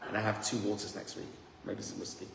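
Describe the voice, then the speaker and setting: Brief: male rabbi, lively storyteller who trips over his words, live seminar in a reverberant hall. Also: fairly low pitch, fast talker, vocal fry, slight background noise. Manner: animated anecdotes with repeated stammered "and, and". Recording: echoey hall with faint ambience.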